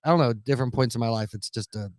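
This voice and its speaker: A man's voice: medium pitch, racing, noisy background. A man co-hosting a podcast, rambling loosely and swearing often in casual chat. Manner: rambling, profane, laughing. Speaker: podcast co-host.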